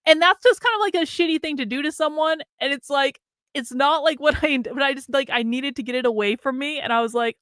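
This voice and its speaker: Speaking quickly in a high, slightly bright voice, this American streamer and commentator gives an unfiltered, relaxed monologue full of swearing and frequent laughter. The studio recording is clean, with no room sound.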